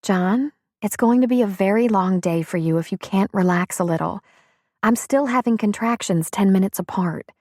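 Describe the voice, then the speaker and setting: Woman voicing a calm patient mother, audiobook, reassuring, dry close sound. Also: mid-range voice, moderate pace, dry recording, lightly acted. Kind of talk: audiobook character reading.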